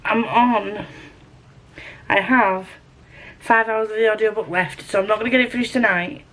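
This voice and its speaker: A woman's voice: mid-range voice, steady tone, normal speed, fairly bright tone. A woman talking casually to camera at home about a book she is reading, rambling and self-deprecating with lots of fillers. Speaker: book vlogger.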